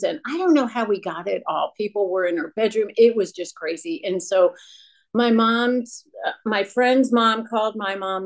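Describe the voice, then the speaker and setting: A woman in her late fifties from upstate New York, speaking candidly and self-deprecatingly from a stage as a recovery speaker, often restarting her sentences. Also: mid-range voice. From Rochester, New York, USA. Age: 50s. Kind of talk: personal testimony talk from a stage.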